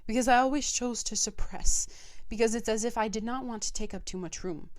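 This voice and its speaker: A woman's voice: fairly high pitch, a little fast. A young woman hosting her own podcast, talking candidly and emphatically about personal growth, swearing freely. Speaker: podcast host. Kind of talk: personal monologue.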